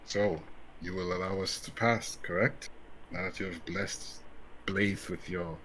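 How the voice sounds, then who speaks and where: A man role-playing his character in a tabletop game, speaking in a formal, measured way. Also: low voice, fairly even intonation, a bit bright, slight background noise, poor audio. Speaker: player.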